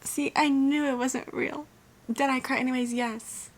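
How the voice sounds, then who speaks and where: A young woman vlogging her reactions to a fantasy series, excitable and often dropping to a whisper. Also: sits high, measured pace. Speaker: book vlogger. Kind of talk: casual reading reactions. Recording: faint background noise.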